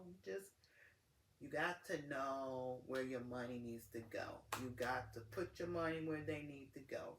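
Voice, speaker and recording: A man's voice: a little high, slight background noise. A young man telling a story in a casual, exasperated rant, repeating words for emphasis. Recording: echoey room.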